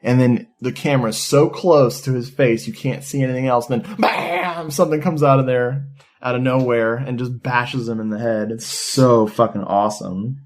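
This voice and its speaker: A man co-hosting a podcast, retelling a movie's plot in an excited, profane, casual way. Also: mid-range voice, normal speed. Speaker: podcast co-host. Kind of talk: casual movie review chat.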